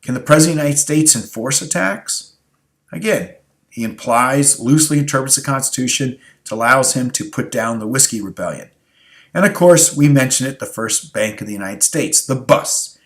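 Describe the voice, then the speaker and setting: A man's voice: medium pitch, animated, moderate pace. A tired male history teacher giving a review lecture, asking rhetorical questions and repeating key phrases. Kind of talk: recorded exam review lecture.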